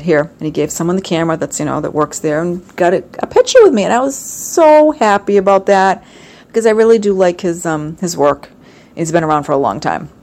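A middle-aged woman chatting casually, telling an animated story with lots of fillers. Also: lowish voice. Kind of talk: casual chat.

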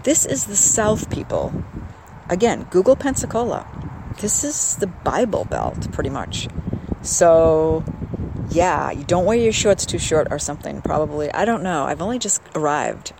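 A woman's voice: on the low side, sing-song, measured pace, vocal fry, noisy background. An older woman hosting a podcast, chatting in a wry, rambling way about her trip. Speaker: podcast host. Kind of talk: casual travel vlog monologue. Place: outdoors then indoors, on a trip.

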